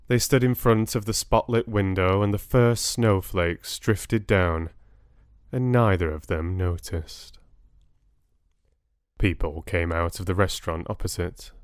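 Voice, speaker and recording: Calm audiobook narrator, male, low and very slow, close dry mic. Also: dry recording. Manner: calm, unhurried. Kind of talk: soothing bedtime story reading.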